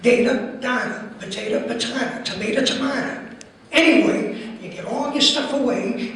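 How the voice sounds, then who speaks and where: A man's voice: very high-pitched, a bit bright. A man doing an impression of an older stand-up comic at a conference, sardonic and rhythmic, piling up lists. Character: older male stand-up comic, wry and ranting. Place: conference hall. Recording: echoey hall, heard from far off.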